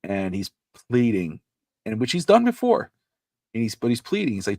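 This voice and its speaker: A man co-hosting a casual podcast, rambling and animated, acting out quotes, with a slightly irritated throat. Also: mid-range voice, normal speed, no room sound, clean studio sound. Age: adult with a child. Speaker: podcast co-host.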